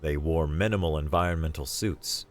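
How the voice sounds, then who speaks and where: A man narrating a scripted science fiction story in a slow, even storytelling delivery. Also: a bass voice, faint music behind.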